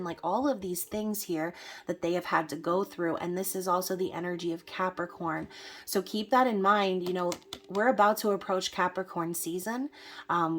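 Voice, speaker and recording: A woman reads tarot cards for her viewers in a relaxed, chatty way, often pausing to check in with them. Her voice sits a bit low and stays fairly flat and even. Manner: chatty, frequent fillers and "okay?" check-ins. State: hiccups. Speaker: tarot reader. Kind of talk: casual tarot reading to camera.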